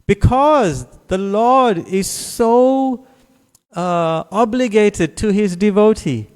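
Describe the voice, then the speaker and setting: A man with a South African accent, telling a devotional story in a sermon as an animated speaker who laughs often. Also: high voice. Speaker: guest speaker at a temple program. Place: temple hall. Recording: long hall reverb.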